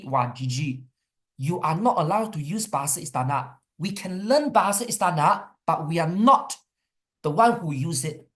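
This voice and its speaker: A young woman with a Malaysian English accent teaching a history revision class, coaxing and animated, slipping in Malay words. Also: fairly low pitch, normal speed. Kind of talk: online exam revision class.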